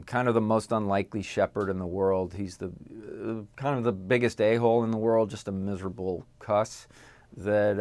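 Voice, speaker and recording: Smooth-voiced man, halting casual chat. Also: lowish voice, dry recording. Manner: halting, many fillers and restarts. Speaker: actor guest.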